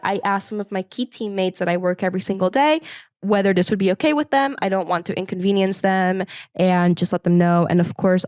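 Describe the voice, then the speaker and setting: A woman talking as a podcast guest in a casual conversation, animated and quick to laugh. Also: medium pitch, no room sound, clean studio sound.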